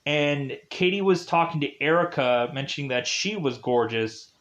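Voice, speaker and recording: A man's voice: fairly high pitch, lively intonation, normal speed, fairly bright tone. A man giving a casual, rambling film review, full of "like" and "uh". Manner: rambling, heavy use of "like" and "uh".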